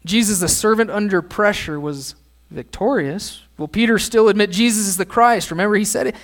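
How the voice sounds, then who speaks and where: A man's voice: sits high, a little fast. A middle-aged man, a pastor, preaching a sermon in a conversational way and asking his listeners questions.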